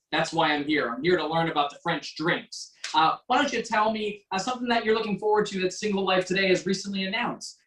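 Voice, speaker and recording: A man's voice: high voice, fairly bright tone, reverberant, far from the mic, rough recording. A man from Quebec hosting a casual online cocktail class over a video call, joking and chatty with lots of fillers. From Quebec, Canada. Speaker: online mixology class host.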